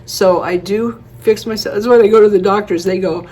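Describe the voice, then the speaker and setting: A woman's voice: medium pitch, a little fast, hardly any pauses, darkish tone, slightly rough. A woman in her eighties chatting casually to camera, rambling through stories and laughing often. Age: 80s. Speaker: beauty vlogger.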